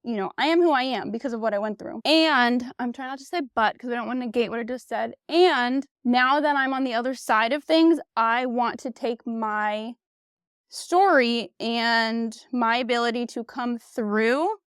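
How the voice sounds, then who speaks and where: A woman's voice: on the high side, clear, resonant tone, dry recording. A woman in her thirties hosting her own podcast, talking in a candid, blunt way, swearing freely and filling her talk with "like" and "you know", recorded on a close mic. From United States. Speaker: podcast host. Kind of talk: casual solo podcast monologue.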